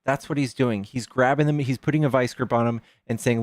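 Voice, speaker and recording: A man's voice: mid-range voice, a little fast, few pauses, a little mellow, dry recording. A man hosting a live debate stream, arguing hard, swearing and firing off rhetorical questions. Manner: argumentative, profane, fires rhetorical questions.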